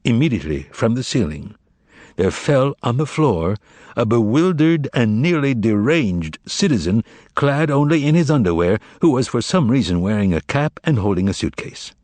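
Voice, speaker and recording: A man narrating a novel as an audiobook, reading in a measured, expressive way. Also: mid-range voice, no room sound.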